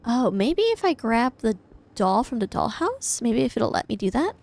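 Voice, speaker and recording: A young woman from the American Midwest chats loosely through a gaming stream at home. Her voice sits a little high, and she rambles, swears freely and laughs between thoughts. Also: big pitch swings, moderate pace, vocal fry, darkish tone. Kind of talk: casual live-stream chat while gaming. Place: home, indoors.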